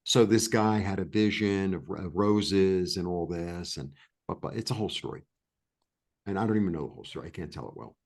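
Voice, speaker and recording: A man from New York, a guest in an interview, telling a story in a rambling, animated way with many restarts and fillers. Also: sits low, fairly quick. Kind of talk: casual storytelling chat.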